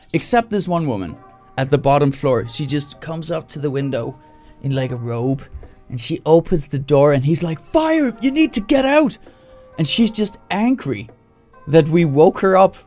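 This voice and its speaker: Animated stand-up comedian man, high voice. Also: moderate pace, faint music behind. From Denmark. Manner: animated, jumps into loud high yelling voices for quotes. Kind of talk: stand-up storytelling. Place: indoors, livestream.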